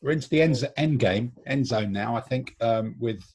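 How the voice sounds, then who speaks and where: A man's voice: medium pitch, moderate pace, a little mellow, husky. A man from England hosting a casual chat with friends, rambling and teasing between topics. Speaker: podcast host. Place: home, remote call.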